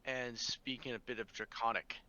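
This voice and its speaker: A man's voice: medium pitch, steady tone, moderate pace, a crowd in the background. A man playing a tabletop game, chatty and earnest, who slips into formal in-character speech. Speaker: player. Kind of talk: tabletop role-play. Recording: muffled lo-fi audio.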